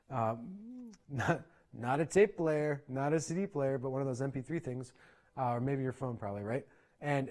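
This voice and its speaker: A man teaching percussion in an online clinic, explaining in a relaxed conversational way and often checking in with "right?". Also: mid-range voice. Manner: conversational, frequent "right?" check-ins and fillers. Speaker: percussion instructor.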